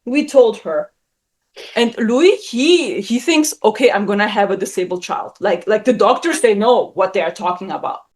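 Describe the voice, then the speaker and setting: A woman in her thirties telling a personal story in casual conversation, blunt and animated, swearing often and acting out the people she quotes. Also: moderate pace. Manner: acts out quoted voices with big pitch jumps. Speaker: guest. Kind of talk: casual chat.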